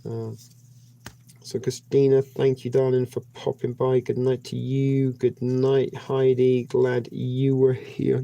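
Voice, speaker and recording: Gravelly-voiced man hosting a live stream. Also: medium pitch, completely flat delivery, slow, mellow. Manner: rambling, jokey, thanking viewers. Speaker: livestream host. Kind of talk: casual live-stream sign-off.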